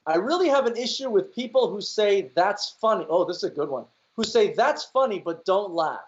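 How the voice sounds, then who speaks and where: A man's voice: high-pitched, lively intonation, fairly quick. A man hosting a comedy talk show, chatting casually with guests and reading out viewer letters. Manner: easygoing, reads out viewer letters. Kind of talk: casual panel chat. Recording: dull lo-fi audio.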